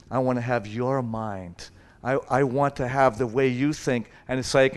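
A male preacher speaking in a loose, conversational way, with frequent "it's like" fillers. His voice climbs to loud emphatic bursts and then drops to soft, almost whispered lines. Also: mid-range voice. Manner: conversational, repeats "it's like", swings from loud to hushed. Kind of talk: sermon.

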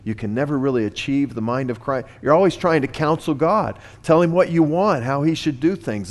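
A man's voice: mid-range voice, lively intonation, a little fast, hardly any pauses. A man preaching a sermon, earnest in tone, building in force on his key points. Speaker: pastor.

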